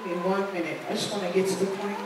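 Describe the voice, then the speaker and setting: A woman's voice: medium pitch, little pitch movement, quick pace, background noise. A woman preaching a sermon in a church, earnest and repeating lines for emphasis. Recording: echoey church hall, voice from far off.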